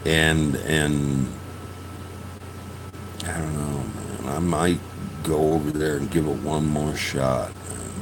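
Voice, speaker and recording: A man's voice: a bass voice, fairly even intonation, slow, long pauses, background noise. A man telling a story in a casual podcast monologue, profane and laughing, venting his emotions. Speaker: podcast host.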